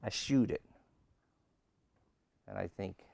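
A pastor preaching a sermon and telling a humorous story, with lots of rhetorical questions. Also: male voice, medium pitch, measured pace, vocal fry, darkish tone. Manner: humorous, repeats key lines.

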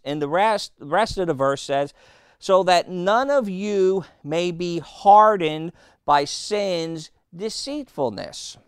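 A man preaching a sermon, emphatic and repetitive, quizzing his listeners and slowing down to read scripture. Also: fairly high pitch, clear, resonant tone, no room sound, studio quality. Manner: emphatic, repeating phrases and asking the congregation questions; slows right down on scripture quotes.

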